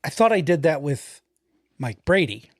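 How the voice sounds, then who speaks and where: A laid-back man co-hosts a podcast, trading short replies and laughing easily. His voice is a little higher than average. The recording is close and dry. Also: big pitch swings, moderate pace, dry recording. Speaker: podcast co-host. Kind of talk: casual chat.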